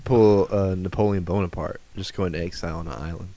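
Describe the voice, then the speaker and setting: Male podcast co-host, lowish voice, dry teasing banter. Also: steady tone, fast, a crowd in the background. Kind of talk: casual chat.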